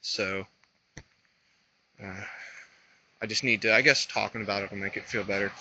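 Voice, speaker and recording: A man in his twenties from North Carolina with a slight lisp, talking to the camera while he walks outdoors, halting and hesitant, thinking aloud. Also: lowish voice, fairly even intonation, sharp tone, slight background noise, low-quality recording. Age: 20s. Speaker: vlogger. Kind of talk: rambling walk-and-talk vlog. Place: outdoors on a roadside walk.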